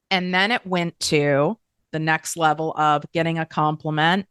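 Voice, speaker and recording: A woman's voice: low voice, fairly even intonation, unhurried, fairly bright tone, smooth, dry recording, clean studio sound. A woman hosting a podcast, talking frankly and emphatically in a candid self-help monologue, swearing casually. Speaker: podcast host.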